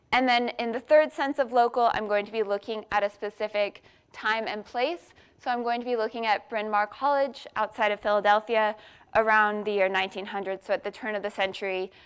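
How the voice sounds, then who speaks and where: A woman's voice: mid-range voice, clean tone. A woman giving an academic conference talk, explaining points step by step with frequent fillers and restarts. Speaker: workshop speaker.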